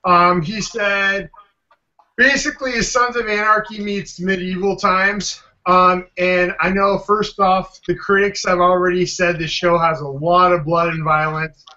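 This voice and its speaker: A man's voice: sits high, fairly even intonation, measured pace, bright, forceful tone. A man hosting a casual podcast panel, rambling with lots of "um" fillers. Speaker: podcast host. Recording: dull lo-fi sound.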